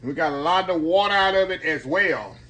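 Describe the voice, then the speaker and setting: A man's voice: fairly high pitch, lively intonation, brisk, pushed and bright. A man hosting a casual home cooking demonstration, chatty and folksy, calling his viewers y'all. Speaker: home cooking channel host. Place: home kitchen.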